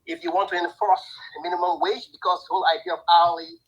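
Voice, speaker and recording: Hesitant man with a husky voice. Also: sits high, little pitch movement, fast talker, fairly bright tone, highs cut off. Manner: hesitant, many fillers, thinking aloud. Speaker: caller. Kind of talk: casual discussion.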